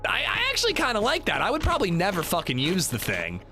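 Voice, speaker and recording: A man's voice: sits high, wildly swooping pitch, fast talker, music in the background. A man streaming a game, chatting casually and rambling, with lots of filler words. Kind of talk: casual livestream gaming commentary. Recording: noisy background hiss.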